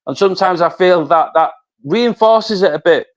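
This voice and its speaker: A man's voice: high voice, normal speed. A man with a Northern English accent chatting as a guest caller on a video call, hesitant and self-deprecating, often restarting his sentences. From England. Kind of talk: casual chat.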